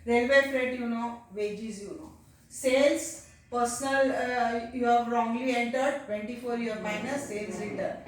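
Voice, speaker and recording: A woman teacher with an Indian English accent walking a class through accounts step by step, often pausing with "uh" and "okay". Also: fairly high pitch, fairly even intonation, slight background noise. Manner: explains step by step, addresses children, frequent "uh" and "okay". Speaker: commerce teacher. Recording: echoey room, far from the mic.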